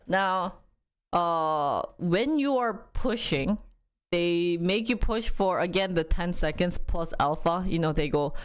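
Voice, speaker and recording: A young woman streamer chats casually with her viewers, telling a story animatedly and acting out quotes with sudden leaps in pitch. She speaks slowly and clearly, with a resonant tone.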